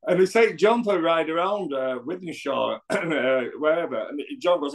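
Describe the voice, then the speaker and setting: High-voiced man bantering. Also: lively intonation, moderate pace, creaky, hardly any pauses, rough recording. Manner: laughing, jokey storytelling with mimicked quotes. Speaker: guest. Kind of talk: casual banter.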